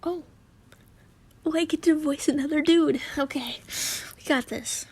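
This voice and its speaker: A young woman with a high voice reads a fanfiction story aloud at an unhurried pace. She plays the characters' lines herself and keeps breaking off to giggle and comment on the story. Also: a little mellow. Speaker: fanfiction reader.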